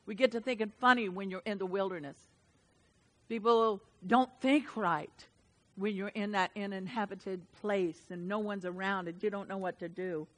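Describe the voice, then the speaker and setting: A woman preaching a sermon with an animated, dynamic delivery that swings between hushed and loud. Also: mid-range voice, moderate pace, big-room sound, rough recording.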